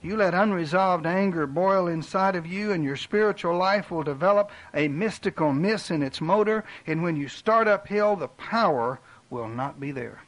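A man preaching a sermon, earnest and direct, making personal appeals and dropping his voice low for emphasis. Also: normal speed, hardly any pauses, low-quality recording. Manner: earnest preaching with dramatic drops in volume. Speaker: pastor.

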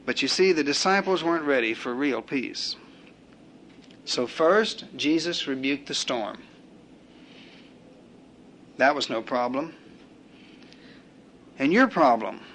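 A man's voice: medium pitch, slow pace, pauses often, a bit bright, a little hiss or hum. A man preaching a sermon, building his points through rhythmic repetition and acting out quoted prayers and complaints.

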